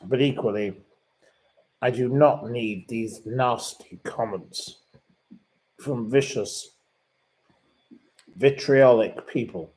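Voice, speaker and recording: Slow-talking indignant man. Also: medium pitch, a little mellow, poor audio. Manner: indignant and plummy, repeats himself. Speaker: livestream host. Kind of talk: casual live chat reading viewer comments. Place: sitting room.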